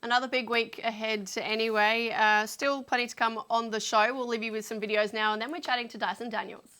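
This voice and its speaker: A woman presents a studio sports show, her voice pitched fairly high and very bright. She reads the links between segments in a brisk, upbeat presenter manner. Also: steady tone. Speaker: co-host.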